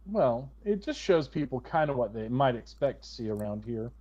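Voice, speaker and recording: A man runs a tabletop game in a loose, unhurried way, full of little fillers. His voice sits at a middling pitch. The sound is dull and lo-fi, like stream audio. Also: sing-song, darkish tone. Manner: easygoing, with fillers and restarts. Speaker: game master. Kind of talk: narrating a tabletop role-playing game.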